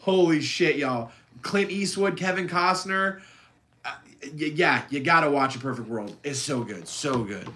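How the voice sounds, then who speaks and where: A man co-hosting a podcast, chatting casually about movies, animated and quick to laugh, with some swearing. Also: on the high side, slight background noise. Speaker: podcast co-host. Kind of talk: casual chat.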